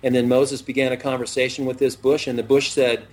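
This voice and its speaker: A middle-aged man hosting a self-help talk show, earnest and preachy, slowing down to stress key phrases. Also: mid-range voice, fairly even intonation, a little mellow, breathy edge. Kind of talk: motivational talk-show chat.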